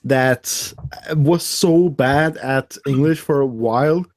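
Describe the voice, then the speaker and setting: A man's voice: medium pitch, slow, darkish tone. A man with a Norwegian accent, chatting casually and crudely joking with friends. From Norway. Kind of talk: casual chat.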